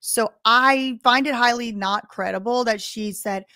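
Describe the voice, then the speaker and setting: A woman's voice: fairly high pitch, measured pace, pushed and bright, no room sound, clean studio sound. A woman commenting skeptically on a live stream, weighing claims and mocking what she doubts.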